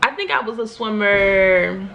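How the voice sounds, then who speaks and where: Animated, chatty young woman vlogger. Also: medium pitch, a little slow, vocal fry, lo-fi sound, slight background noise. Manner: animated, chatty, laughs often, slangy. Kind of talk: casual storytelling to camera.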